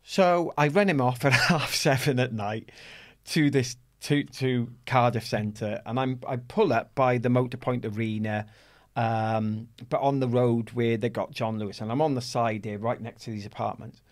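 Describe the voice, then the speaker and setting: Man, middle-aged, interview guest: animated storyteller, laughs through his tales, swears freely. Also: mid-range voice, normal speed. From Wales. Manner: laughs often, swears freely, acts out his own shouts.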